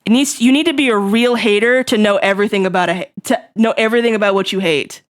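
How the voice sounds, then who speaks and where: A woman's voice: mid-range voice, fast talker, few pauses. A young woman streamer chatting casually with her viewers, giggly and playful, swearing and putting on mock-angry rants.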